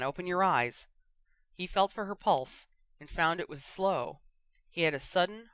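An audiobook narrator giving a steady, expressive reading of a fiction story. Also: medium pitch, dry recording.

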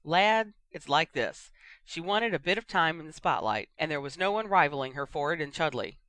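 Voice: mid-range voice, sing-song, moderate pace, pushed and bright, clear, resonant tone, no echo. A reader voicing a blunt, teasing retired woman player who now works as a sports pundit, reading it in an audiobook. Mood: gruff teasing.

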